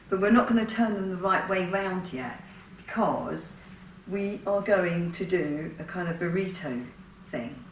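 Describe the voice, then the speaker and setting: A woman's voice: on the low side, fairly bright tone, reverberant, slight background noise. A woman chatting through a sewing tutorial, laughing often and poking fun at herself.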